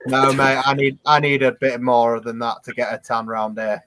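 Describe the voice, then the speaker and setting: A man's voice: medium pitch, completely flat delivery, moderate pace, a bit bright, no echo. A man giving easygoing views in a casual football chat. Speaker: panelist.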